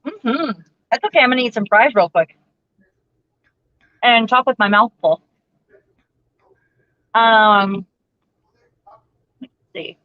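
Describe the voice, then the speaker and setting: A woman chatting casually during a craft group call, with animated exclamations. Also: fairly high pitch, slow pace, pauses often, no room sound. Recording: dull, lo-fi sound.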